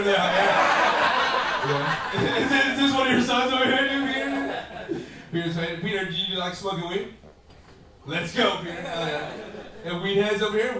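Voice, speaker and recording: A man's voice: sits high, background noise. A man doing stand-up crowd work on a comedy club stage, profane and rambling, often laughing mid-sentence. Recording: far-off roomy club recording with crowd. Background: audience laughter.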